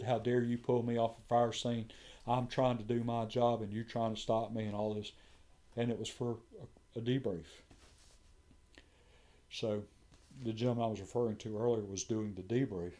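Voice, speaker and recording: A man's voice: on the low side, dark tone. A man, a firefighter telling a story in casual conversation and acting out what others said.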